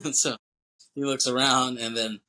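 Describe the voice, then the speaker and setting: A man's voice: medium pitch, level tone, normal speed, pushed and bright. A man co-hosting a podcast, casually recapping a movie scene by scene, rambling, laughing often and acting out lines. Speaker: podcast co-host.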